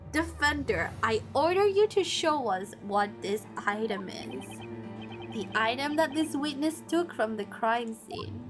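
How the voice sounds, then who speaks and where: A woman's voice: a little high, animated, slow pace. A woman voicing an imperious inquisitor who orders and scolds. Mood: commanding. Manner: commanding. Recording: game music playing behind.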